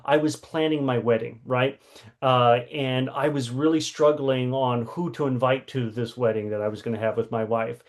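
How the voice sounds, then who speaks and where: A man's voice: mid-range voice, fairly even intonation, moderate pace. A man teaching a workshop lesson, telling a personal story in a conversational way with many fillers.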